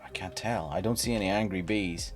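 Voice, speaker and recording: A man's voice: deep voice, brisk, soft background music. A man casually chatting while streaming a game, playful and talkative, teasing the creatures on screen. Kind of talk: casual gameplay stream chat.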